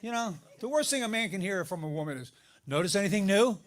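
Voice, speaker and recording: A middle-aged man doing a stand-up comedy set, telling stories about his marriage, his voice jumping up high for the punchlines. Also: fast talker, a crowd in the background. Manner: animated storytelling, voice jumps up for punchlines. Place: live comedy venue with audience laughter.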